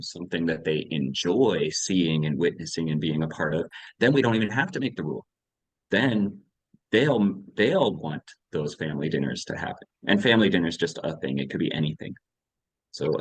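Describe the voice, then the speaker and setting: A man's voice: sits low, slightly rough, dry recording, rough recording. A man in his forties in a candid conversation on parenting, reflective and thinking aloud. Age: 40s. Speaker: parenting educator.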